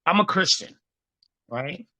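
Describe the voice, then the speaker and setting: A man hosting his show, talking in an excited, preacher-like way with sudden swings in tone. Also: high-pitched, low-quality recording. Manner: excitable, rapid shifts in tone, preacher-like. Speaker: host and legal trust teacher. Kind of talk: excited preaching-style talk.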